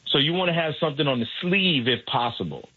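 A man telling a caddying story in casual chat, animated and acting out voices in his anecdote. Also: fairly high pitch, fast, slightly rough, phone-quality sound. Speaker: guest, golf caddy and comedian.

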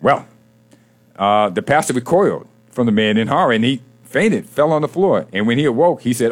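A man's voice: mid-range voice, animated, moderate pace. A man co-hosting a casual sports talk show, who tells jokes and reads baseball history in a playful, storytelling way. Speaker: co-host.

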